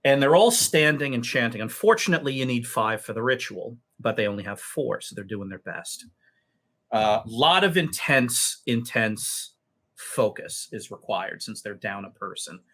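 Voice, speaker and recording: A man narrating a tabletop game as game master, telling the story in an unhurried way with many fillers. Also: mid-range voice, expressive, fairly bright tone.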